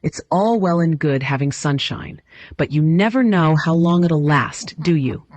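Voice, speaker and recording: Brief: female AI assistant, British accent, polite and chatty, low husky tone, dry close sound. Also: unhurried, darkish tone, no echo. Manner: chatty, polite, laughs before replies. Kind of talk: conversational voice assistant demo.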